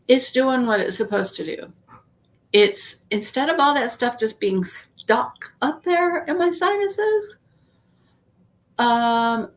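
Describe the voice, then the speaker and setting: A woman chatting casually to viewers on a live stream, rambling and greeting people by name, while congested from a sinus infection. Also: a little high. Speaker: YouTube livestream host.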